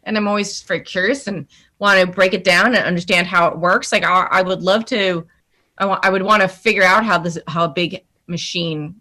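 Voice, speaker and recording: Woman, podcast guest, casual chat, self-deprecating, bright tone. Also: lowish voice, steady tone, fairly quick.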